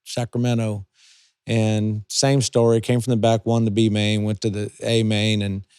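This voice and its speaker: A man's voice: on the low side, level tone, normal speed, a little mellow, smooth, no echo, clean studio sound. An older man from California, a retired racing driver, telling long rambling stories as an interview guest. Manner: rambling anecdotes with many restarts. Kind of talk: storytelling in a casual interview.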